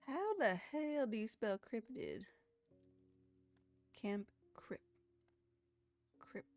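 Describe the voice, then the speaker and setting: A woman's voice: a little high, big pitch swings, takes it slowly, darkish tone, soft background music. A woman chatting casually with her viewers on a live stream, rambling from one thing to the next.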